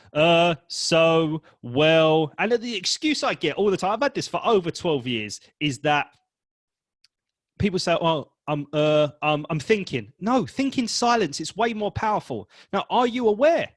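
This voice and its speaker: A man coaching professional advisors on public speaking, talking to the camera in an energetic, emphatic and blunt way. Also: high voice, breathy edge, no room sound. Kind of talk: direct-to-camera coaching talk.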